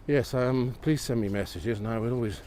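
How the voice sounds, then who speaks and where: Here a man with a medium-pitched voice speaks briskly as he broadcasts a nighttime walk in blowing snow, holding an iPhone on a gimbal. He chats warmly with viewers, exclaims over the sights, and keeps asking them questions.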